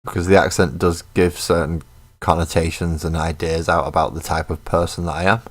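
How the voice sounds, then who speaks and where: A man's voice: low voice, level tone, a little fast. An English man with a Manchester accent chatting casually and self-deprecatingly while painting miniatures. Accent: English, Manchester area with Glaswegian slips. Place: home hobby desk. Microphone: webcam mic.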